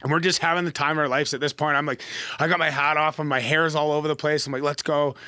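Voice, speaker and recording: Man, bright slightly high voice, casual animated storytelling, lots of "like" fillers, dry close mic. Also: quick pace, no echo. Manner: animated, heavy use of "like" fillers. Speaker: pro athlete guest.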